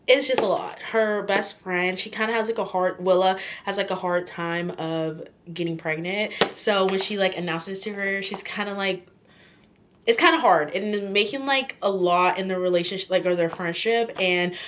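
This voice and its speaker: A woman chats casually to camera in a rambling, gushing way. Her sentences restart and trail off, padded with "like" and "kinda". She speaks at a middle pitch, not high and not low. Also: normal speed, background noise. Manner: chatty and gushing. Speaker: book vlogger. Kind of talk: casual chat.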